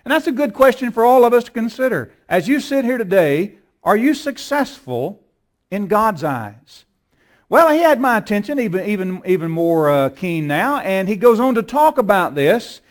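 A man's voice: high voice, big pitch swings, brisk, few pauses. A man preaching a sermon, telling a story with repeated words and rising, emphatic peaks. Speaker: pastor.

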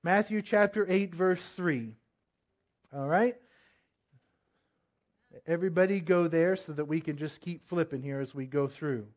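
A man's voice: fairly high pitch, measured pace, long pauses. A man preaching a sermon, reading scripture aloud, firmly voicing commands and asking the congregation many questions. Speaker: pastor.

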